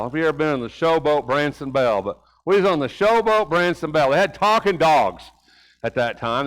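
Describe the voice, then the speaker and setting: A middle-aged male preacher with a notably high-pitched voice delivers a conversational sermon in a church. His manner is folksy and down to earth, and he leans on rhetorical questions and repeated phrases as he tells a personal story. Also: a bit bright, rough recording. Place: church sanctuary.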